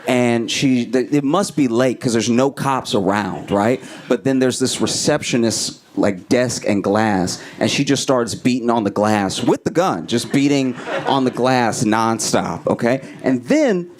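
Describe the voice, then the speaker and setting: A man performing an animated stand-up comedy set on a club stage, acting out the people in his stories. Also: unhurried. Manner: animated storytelling, acting out voices, pitch swings up and down. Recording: live club recording with clear audience noise. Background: audience laughter.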